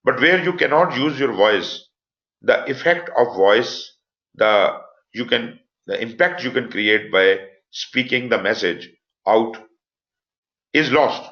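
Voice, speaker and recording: A man's voice: mid-range voice, lively intonation, slow, sharp tone. Pakistani-accented man teaching online, lo-fi audio. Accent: Pakistani English. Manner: explanatory, stresses points with voice inflections. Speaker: instructor. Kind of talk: live online lecture. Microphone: computer mic for online class.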